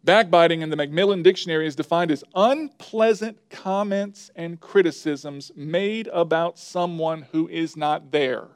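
A man's voice: on the high side, normal speed, few pauses, clear, resonant tone, no echo. Emphatic male pastor preaching, dry sound. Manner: emphatic, repeats key words and lists points. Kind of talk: sermon.

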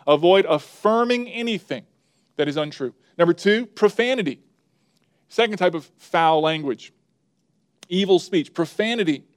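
A man's voice: a little high, a little mellow, clean tone, no echo. Emphatic male pastor preaching, dry sound. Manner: emphatic, repeats key words and lists points. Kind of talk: sermon.

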